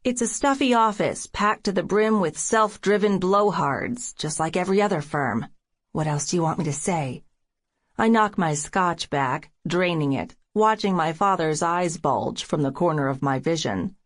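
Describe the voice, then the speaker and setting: A woman's voice: lowish voice, animated, moderate pace. Wry woman reading a romance audiobook. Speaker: audiobook narrator. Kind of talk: first-person scripted narration.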